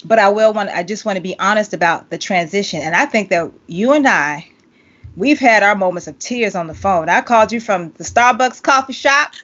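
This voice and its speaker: A woman in her forties hosting a podcast, playful and animated with quick asides. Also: medium pitch. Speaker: podcast host and singer. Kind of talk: casual interview chat. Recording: dull lo-fi audio.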